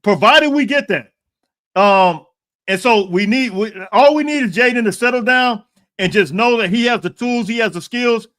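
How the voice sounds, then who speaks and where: A man hosting a podcast live stream in casual chat. He often repeats and restarts words, clears his throat and reads out viewer comments. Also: high voice, a bit bright. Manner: frequent throat clearing and coughs. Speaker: podcast host.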